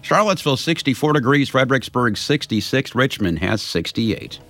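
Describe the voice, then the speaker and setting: A man hosting local radio news, reading headlines and the weather forecast in a steady announcer delivery. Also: mid-range voice, moderate pace.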